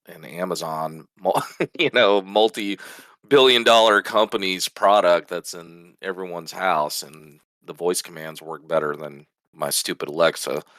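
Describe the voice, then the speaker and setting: A man's voice: low-pitched, fairly bright tone, no room sound. A man co-hosting a casual gaming podcast, emphatic and joking. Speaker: podcast co-host.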